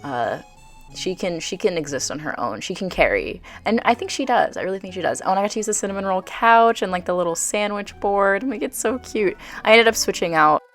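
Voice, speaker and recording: A young woman narrating a video game build in a casual, bubbly voice-over, full of "like" and quick asides. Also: mid-range voice, expressive, fairly bright tone, soft background music. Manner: chatty, bubbly, filler-heavy with frequent "like".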